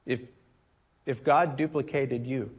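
A man's voice: medium pitch, fairly even intonation, slow, husky. Man preaching a storytelling sermon. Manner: conversational storytelling preaching, emphatic repetitions. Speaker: pastor. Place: church service with congregation.

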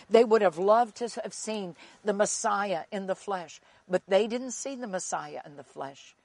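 A woman teaching from the Bible in an earnest sermon, slowing to repeat key phrases for emphasis. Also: medium pitch, dry recording.

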